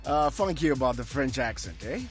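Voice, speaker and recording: Relaxed male radio host chatting. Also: mid-range voice, a little fast, music in the background. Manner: relaxed, many fillers. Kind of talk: casual chat.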